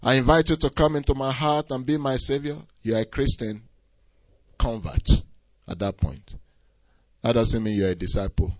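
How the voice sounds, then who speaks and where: A man preaching a sermon, swinging from quiet asides to loud, rising exhortation. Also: mid-range voice, fairly even intonation, normal speed, no room sound. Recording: dull, slightly lo-fi dry recording.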